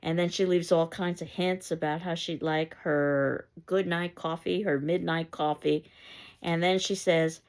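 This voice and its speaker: A woman's voice: lowish voice, fairly even intonation, unhurried. A woman teacher giving a conversational literature lecture, retelling scenes with a wry, casual delivery.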